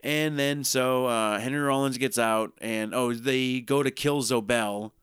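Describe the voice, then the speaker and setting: A man's voice: mid-range voice, steady tone, measured pace, fairly bright tone, smooth, no echo, clean studio sound. A young man co-hosting a podcast, recapping a TV episode in casual, crude, joking chat. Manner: joking, crude, quotes characters in silly voices. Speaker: podcast co-host recapping a TV show.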